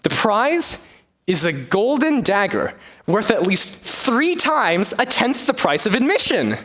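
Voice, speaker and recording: A man's voice: sits high, very animated, slow, fairly bright tone, full character voice. A man voicing a flustered woman herald who makes pompous, stumbling proclamations. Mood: proclaiming.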